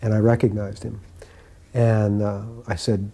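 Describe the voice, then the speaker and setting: Man, low voice, very mellow and husky, calm reminiscing storyteller. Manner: calm, unhurried anecdote telling. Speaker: devotee sharing memories.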